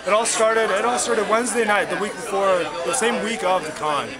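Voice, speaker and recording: Excited Texan videographer before a loud crowd. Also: male voice, sits high, fairly quick. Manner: excited, rambling with restarts. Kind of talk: casual interview. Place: outdoors at a convention at night.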